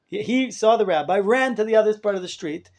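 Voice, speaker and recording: In a study hall with listeners, a rabbi lectures a live class emphatically, firing off rhetorical questions and dropping in Hebrew terms. His high-pitched voice is animated, brisk and a little mellow.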